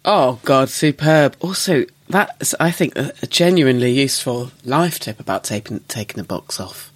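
A woman hosting a podcast conversation and laughing often. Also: rumbling low. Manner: laughs often, slow and expressive. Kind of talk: casual chat.

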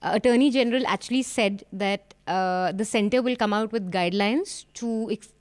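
A woman, mid-pitched, talks through a news item on a podcast in a conversational, disbelieving way. The sound is dry and close-miked. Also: moderate pace, dry recording. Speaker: podcast panelist. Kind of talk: casual panel chat.

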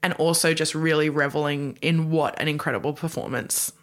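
A woman co-hosting a pop culture podcast in easy, casual chat. Her voice sits on the low side, and she fills her talk with "like" and quick laughs. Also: fairly even intonation. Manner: chatty, lots of "like", laughs often. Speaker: podcast co-host.

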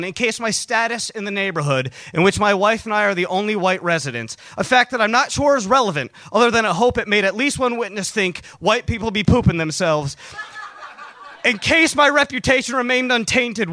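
A middle-aged man telling a comic story about himself, swinging between bitter muttering and shouted bravado. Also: sits high. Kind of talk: live comedic storytelling.

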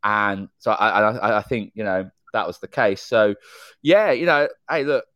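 A man's voice: on the low side, a little slow, fairly bright tone, dry recording, highs cut off. Chatty man on a dry-sounding podcast. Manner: chatty, strings thoughts with "you know". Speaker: podcast co-host. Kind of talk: casual chat.

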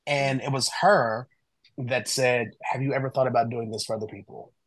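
A man talks as a podcast guest, recounting his path with animated storytelling. He slips into the voices of friends as he quotes them. His voice sits in an ordinary middle range, and the recording is close and dry. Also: mid-range voice, moderate pace, dry recording, rough recording. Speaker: guest, human design reader and author.

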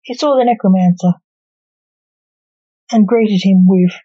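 A woman storyteller reading a story aloud in a calm, even way. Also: mid-range voice, measured pace, breathy edge, dry recording. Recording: dull lo-fi recording.

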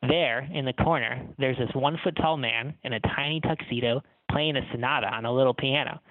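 A male author talks in a halting, filler-heavy way before moving into a casual read-aloud of his own story. His voice sits at an ordinary pitch and comes through a tinny, phone-like line that is bone dry. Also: no room sound.

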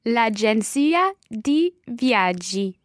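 Slow-speaking woman learner repeating words. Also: on the high side, expressive, dry recording, studio quality. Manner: repeats words slowly after the tutor. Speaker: language learner.

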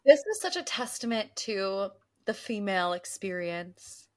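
A woman's voice: mid-range voice, very animated, a little mellow. Chatty young woman recapping a show. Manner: chatty, acts out scenes in quick voices. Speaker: podcast co-host. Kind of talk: casual recap chat.

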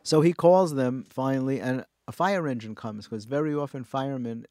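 A man telling a story in casual chat, wry and animated, acting out the people he met. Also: medium pitch, normal speed, no echo, studio quality.

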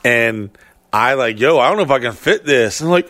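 A man co-hosting a podcast, telling stories in a casual, animated, heavily profane way and acting out what people said. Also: medium pitch, moderate pace, no echo, clean studio sound. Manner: profane, animated storytelling with acted-out quotes. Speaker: podcast co-host. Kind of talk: casual storytelling chat.

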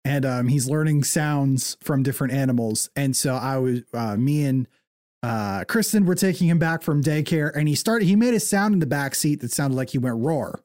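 Guy cohosting a podcast, swoopy lively voice, full of puns. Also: medium pitch, moderate pace, dry recording, clean studio sound. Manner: playful, punning banter. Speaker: podcast co-host. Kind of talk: casual chat.

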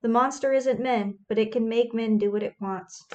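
A woman's voice: on the high side, fairly even intonation, moderate pace, darkish tone, muffled recording, lightly acted. A woman reading the lines of stern landowning men, firm and matter-of-fact in her own voice. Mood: insistent.

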